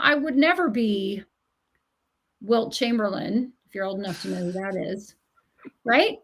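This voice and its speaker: A middle-aged woman, an author and writing coach, appears as a podcast interview guest with a slightly high, gravelly voice. She's an animated storyteller who acts out the voices she quotes, laughs often, and offers emphatic encouragement.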